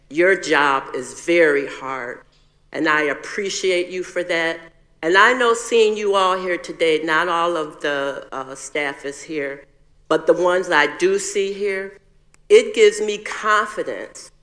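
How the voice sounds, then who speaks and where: A man's voice: a little high, fairly bright tone, big-room sound. An older man on a school board, speaking plainly and sincerely to the audience at a public meeting.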